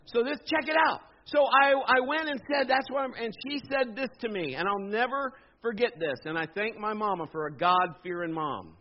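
A man in his fifties preaching a sermon, telling a personal story in an animated, jokey way and acting out the voices. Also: high-pitched, moderate pace, few pauses. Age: 50s. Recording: dull lo-fi sound.

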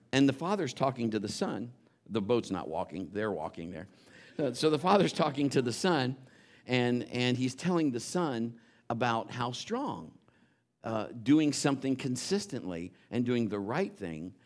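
Storytelling preacher, builds to shouts. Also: male voice, medium pitch. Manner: storytelling with rising, shouted exhortations. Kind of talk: sermon.

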